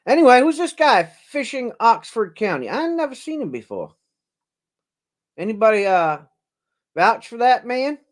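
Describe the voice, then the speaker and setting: A man's voice: very high-pitched, big pitch swings, normal speed, pauses often. Rambling, joking preacher man. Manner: rambling, joking, laughs at his own lines. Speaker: preacher hosting a charity livestream. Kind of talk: casual live-stream joking. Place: home, indoors.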